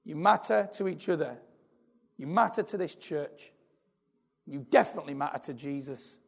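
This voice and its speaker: Male preacher, slightly high gravelly voice, earnest and building, church reverb. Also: expressive, moderate pace. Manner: earnest, repetitive, building in intensity. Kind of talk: sermon. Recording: long hall reverb.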